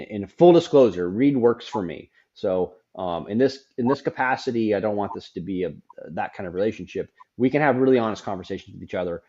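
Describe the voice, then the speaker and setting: Low-voiced man, frank and rambling. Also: mellow. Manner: frank, rambling, repeats words. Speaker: podcast host. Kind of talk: casual conversation. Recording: dull lo-fi sound.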